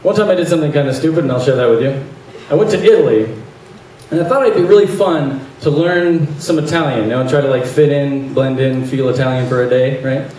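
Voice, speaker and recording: Deadpan stand-up comic in an echoey hall. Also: male voice, mid-range voice, fast. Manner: deadpan one-liners with animated acted-out voices. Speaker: stand-up comedian. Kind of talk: stand-up comedy set. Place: large venue with audience laughter. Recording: echoey live hall, distant mic, noisy.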